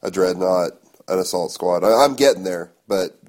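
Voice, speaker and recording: A man's voice: sits low, normal speed, a little mellow. A man hosting a podcast, laid-back and profane in casual chat. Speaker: podcast host.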